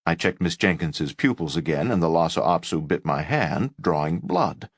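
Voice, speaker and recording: Male audiobook reader, deep voice, animated delivery, dry booth. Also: normal speed, slightly rough, dry recording. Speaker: audiobook narrator. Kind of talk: scripted narration.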